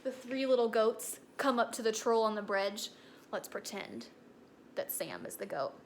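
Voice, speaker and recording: A young woman teaching a recorded lesson to kindergartners in a gentle, encouraging storytelling way. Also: fairly high pitch, animated, moderate pace, a little hiss or hum.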